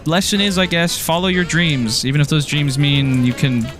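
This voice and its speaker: A man's voice: a little high, fairly even intonation, normal speed, over music. An Irish man streaming a game, rambling and joking with his viewers and laughing often. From Ireland. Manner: rambling and jokey, laughs often, self-teasing. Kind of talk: casual gameplay commentary, chatting with viewers.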